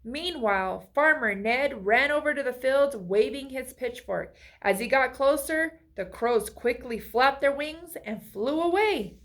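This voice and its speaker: Woman reading a storybook aloud to kids, slow and animated. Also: high voice. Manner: asks the listener friendly questions. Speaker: storybook reader. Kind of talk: children's read-aloud.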